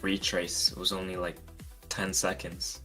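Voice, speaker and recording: A man trader speaking casually in a soft, halting way. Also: low-pitched, completely flat delivery, soft background music. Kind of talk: casual chat.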